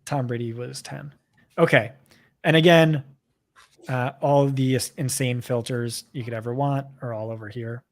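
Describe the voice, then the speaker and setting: A man with a New Jersey accent co-hosting a live stream, talking quickly and casually with lots of fillers. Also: mid-range voice, fairly even intonation. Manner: quick, chatty, full of fillers. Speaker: co-host presenting a data tool.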